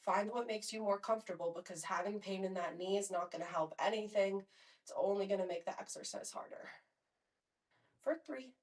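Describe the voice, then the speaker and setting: A young woman, a pilates instructor, talks fairly quickly in a mid-range voice as she guides a mat pilates routine. Short of breath, she counts down each set and tosses in words of encouragement. The mic picks her up from a slight distance, and the room gives off noticeable echo.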